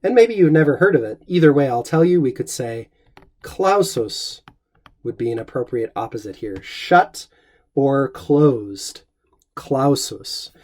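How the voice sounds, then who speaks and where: Middle-aged male Latin teacher, warm and mellow, measured encouraging delivery. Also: medium pitch, lively intonation. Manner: measured and encouraging, reads Latin aloud slowly. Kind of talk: scripted Latin lesson.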